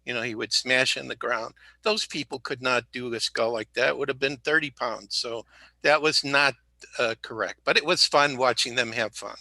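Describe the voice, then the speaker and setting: A slightly sick man chatting as a guest in a bright, tense-edged voice. He rambles, tells jokes and backtracks mid-sentence. The sound is dry and close, with no room behind it. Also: mid-range voice, normal speed, gravelly, no echo. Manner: rambling, jokey, self-correcting. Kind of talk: casual interview talk.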